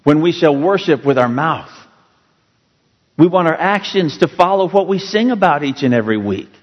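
A man's voice: a little high, lively intonation, moderate pace. Man, pastor, earnest sermon, story-driven emphasis, long church reverb, dull lo-fi sound. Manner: earnest, storytelling, rising emphasis on key words. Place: church sanctuary.

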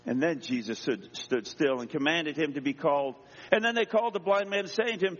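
Pastor preaching with dramatic voices, slightly breathy, echoing church hall. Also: male voice, on the high side, fairly quick, fairly bright tone. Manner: dramatic, acting out voices from scripture. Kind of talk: sermon. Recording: dull echoey church sound.

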